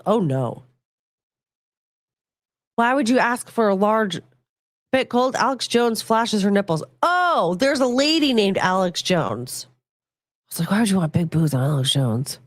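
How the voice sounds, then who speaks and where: A woman podcast host telling rambling, crude stories, with playful swings into silly quoted voices. Her voice sits at an ordinary middle pitch. It is recorded dry and close, with no room sound. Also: expressive, measured pace, pauses often, dry recording. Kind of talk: casual chat, storytelling and reading chat comments.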